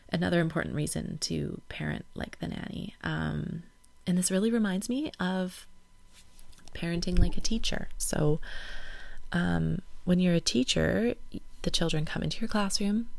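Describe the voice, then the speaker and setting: A woman's voice: fairly low pitch, gravelly, no echo. A woman in her thirties hosting a parenting podcast, talking reflectively in a casual solo way. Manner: reflective, gets emotional and laughs it off.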